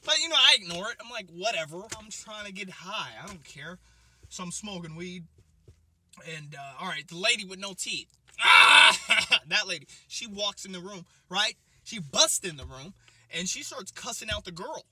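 A young man telling a comic story as a vlogger, animated and expressive, swinging between loud bursts and muttered asides. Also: high-pitched, moderate pace, no room sound. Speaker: comedian vlogger.

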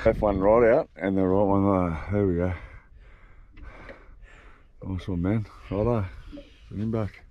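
An Australian man giving excited running commentary while fishing from a boat, swinging from loud shouts to low coaching mutters. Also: measured pace, pauses often, highs cut off. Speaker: fishing vlogger. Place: boat on the open sea, outdoors. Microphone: action camera.

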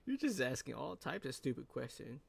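Gravelly, animated young man cursing over gameplay. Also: mid-range voice. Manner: profane, joking, laughs often. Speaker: gaming channel host. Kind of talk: let's-play commentary.

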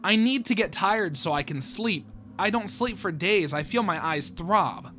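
A man's voice: high-pitched, animated, measured pace, sharp tone, slight background noise, heavily acted. A man voicing an exhausted, injured female pegasus pony in a tired, strained reading. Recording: music playing underneath.

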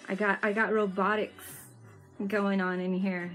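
Unhurried, playful woman streaming from home, soft music under her. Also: medium pitch, expressive. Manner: playful and teasing, laughs often. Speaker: live stream host. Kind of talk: casual live stream chat. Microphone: webcam mic with fisheye lens.

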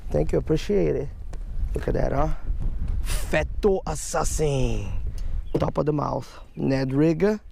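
A man's voice: a little high, unhurried, vocal fry, warm tone, a little hiss or hum. A fishing vlogger, a man, narrating outdoors at a lake in a playful, showy and upbeat way, with frequent chuckles. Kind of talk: energetic outdoor vlog narration.

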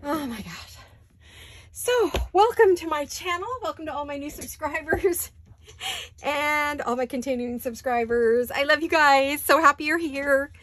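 A woman's voice: sits high, unhurried, fairly bright tone, slight background noise. A woman hosting a casual crafting chat from her home studio, chatty and gushing about her projects. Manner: chatty and gushing, with sighs and little laughs. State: out of breath. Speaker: crafting channel host.

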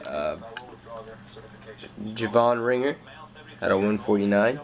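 A young man calmly listing off his trading cards in a casual showcase, with slang and frequent fillers. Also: fairly low pitch, takes it slowly. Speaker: card collector.

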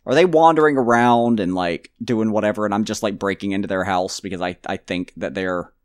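A man's voice: on the low side, fairly quick, no echo, studio quality. A man casually commenting on his own gameplay, rambling and joking to himself with mock outbursts. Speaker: let's play gamer.

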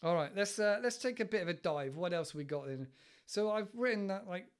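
Brief: British male podcast host, fairly high voice, casual and rambling, lots of ums and restarts. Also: expressive, fairly quick, smooth. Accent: British English. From United Kingdom. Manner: rambling, thinking aloud with many fillers and restarts. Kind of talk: casual solo podcast talk.

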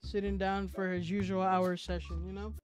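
A man's voice: sits high, little pitch movement, normal speed, soft background music. A man giving playful, joking commentary as he plays a video game, bantering with the customers in the game. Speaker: gaming video creator.

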